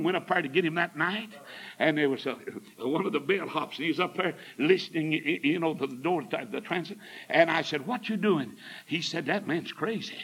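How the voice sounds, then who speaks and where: Emphatic preacher, high voice. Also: male voice, poor audio. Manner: folksy, emphatic, rising to shouts. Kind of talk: storytelling sermon.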